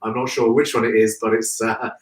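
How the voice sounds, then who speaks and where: A man's voice: mid-range voice, little pitch movement, fairly quick. A man hosting a live stream, chatty and effusive, greeting viewers by name. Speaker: host of a live florist show. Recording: echoey room, distant from mic.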